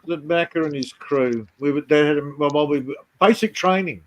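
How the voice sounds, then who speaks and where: A man in casual chat telling army stories in a halting way, with many restarts. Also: on the high side. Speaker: chat participant.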